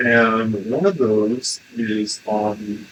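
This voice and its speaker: A man's voice: lowish voice, slow pace, background noise. A man asking questions at a channeling session in casual chat. He is blunt and swears casually.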